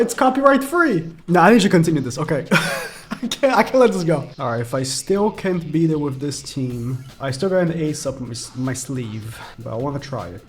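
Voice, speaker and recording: A man giving casual gameplay commentary as a gaming YouTuber, chatty and rambling, laughing often and ranting. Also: a little high.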